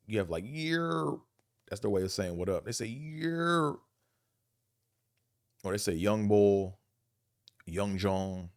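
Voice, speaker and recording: A man from Buffalo with a Buffalo accent, hosting a casual monologue vlog, rambling and animated, profane, often mimicking other people's accents. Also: low-pitched, no room sound, clean studio sound. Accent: Buffalo, New York. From Buffalo, New York. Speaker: vlog host.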